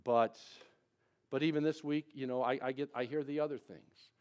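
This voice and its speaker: Before a congregation in church, a man delivers a live sermon at normal speed, medium pitch, and fairly even intonation. He swings between loud, emphatic preaching and quiet asides in confidence, often restarting and repeating words.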